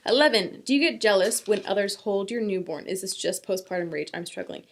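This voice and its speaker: A young woman co-hosting a casual podcast chat. She talks candidly and with energy, slipping into lively sarcastic retellings of everyday moments. Her voice sits in an ordinary middle pitch. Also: brisk. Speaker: podcast co-host.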